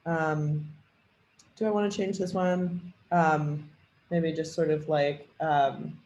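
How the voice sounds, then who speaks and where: A man leading a software training demo, thinking aloud with a lot of fillers and hesitation. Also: fairly high pitch, steady tone, takes it slowly, highs cut off, a little hiss or hum. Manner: rambling, hesitant, many fillers. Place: at a computer. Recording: echoey room with faint typing.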